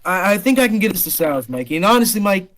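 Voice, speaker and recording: A man's voice: high-pitched, big pitch swings, fast, fairly bright tone, pitched above the performer's own voice. A man voicing a drunk, sloppy human man with a bad put-on New York accent, whining and wheedling.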